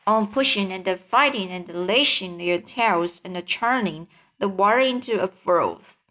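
A woman reading a children's book aloud, halting, with slips and self-corrections. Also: medium pitch, lively intonation, a bit bright. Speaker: reader.

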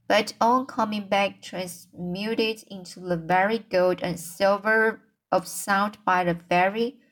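A woman narrating an audiobook as an amateur reader, stumbling at times with fillers and restarts. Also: medium pitch. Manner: slow reading with slips, fillers and restarts.

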